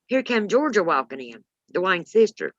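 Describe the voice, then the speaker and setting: Woman, fifties, blunt salty storyteller, low voice, dry dull sound. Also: normal speed, dry recording. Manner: blunt, salty, animated retelling. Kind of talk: casual storytelling chat.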